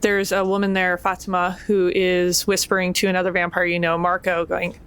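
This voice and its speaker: A woman's voice: lowish voice, monotone, brisk, a bit bright, clear, resonant tone. A woman narrating scenes as game master of a tabletop game.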